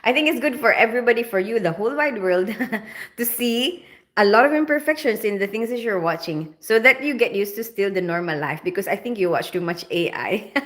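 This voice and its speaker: Reading viewers' comments during a casual live chat, a woman from the Philippines hosts a livestream from a home lit for the camera. She has a mixed Filipino and British accent and a mid-range, expressive voice at a fairly quick pace. She laughs often.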